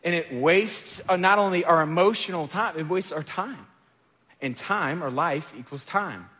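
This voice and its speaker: The man's voice is a little high with a sharp tone, and he speaks at normal speed. Recorded in an echoey hall with long reverb, he gives a casual sermon of self-deprecating personal anecdotes, full of filler words.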